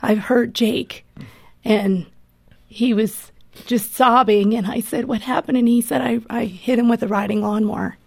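Mom on a radio interview, earnest emotional telling, bit of fry in her voice. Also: on the high side, fairly even intonation, moderate pace, a little mellow, no room sound. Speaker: guest, mother. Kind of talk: personal testimony in an interview.

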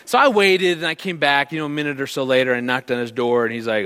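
Middle-aged man telling a lively story. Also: on the high side, fast. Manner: animated, acts out the people in his story. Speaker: speaker giving a talk on marriage. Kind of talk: storytelling talk before an audience.

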